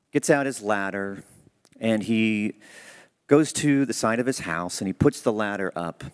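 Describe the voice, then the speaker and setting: A man giving a church talk, telling a story in an earnest, conversational way. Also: lowish voice. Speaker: church speaker. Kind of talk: sermon storytelling.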